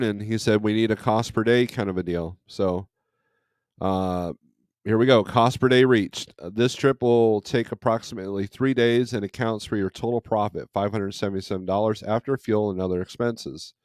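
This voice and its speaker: Here a trucker streams from home instead of his truck, hosting a laid-back morning chat where he rambles and reads comments from viewers. His voice sits on the lower side, and the studio-quality sound has no echo.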